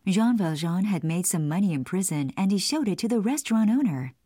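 A woman narrating a storybook in a clear, expressive reading voice. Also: medium pitch, brisk, no echo, studio quality.

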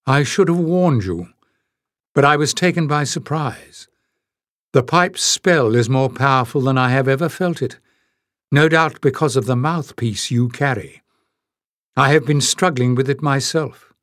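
A man voicing a calm, solemn woman guide who speaks slowly and in a measured way in an audiobook reading. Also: medium pitch, no room sound, studio quality, natural voice. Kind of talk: audiobook character voice.

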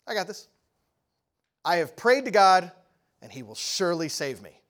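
A preacher acting out a stubborn devout man who keeps turning down help with calm, firm refusals. The voice sits a little high and rises sharply on each refusal. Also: normal speed.

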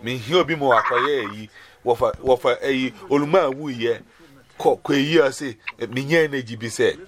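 Ghanaian man telling a lively story. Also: normal speed. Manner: lively storytelling, mixing in English, pitch leaping up and down. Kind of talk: personal testimony on a video call. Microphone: video call.

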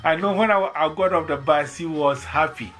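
A man's voice: a little high, fairly quick, faint music behind. A man with a Ghanaian accent telling a bus story in casual chat, acting out the voices he quotes. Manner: animated, acts out quoted voices. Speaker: storyteller in conversation.

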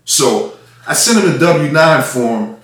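A man's voice: on the high side, lively intonation, slow, a bit bright. A man, an independent music artist, delivering an angry, profane rant that circles back on itself again and again. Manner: profane, heated, repetitive. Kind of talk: angry ranting monologue. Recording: echoey room, mic at a distance.

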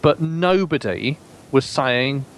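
A man's voice: mid-range voice, animated, slow pace. A man, a guest on a casual podcast, telling a story in a rambling, hesitant way. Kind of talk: casual chat.

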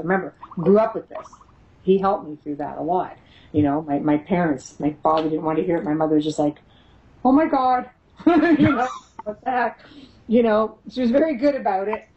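A woman's voice: lowish voice, brisk, muffled recording. A middle-aged woman being interviewed about her paranormal investigation work, telling stories animatedly, laughing often and acting out the voices she quotes. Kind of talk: casual storytelling in an interview.

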